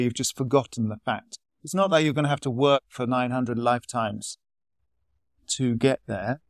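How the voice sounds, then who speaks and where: A man's voice: medium pitch, dry recording. Brief: male Buddhist teacher, easygoing conversational lecture, dry close recording. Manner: relaxed, conversational, storytelling asides. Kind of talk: informal dharma talk.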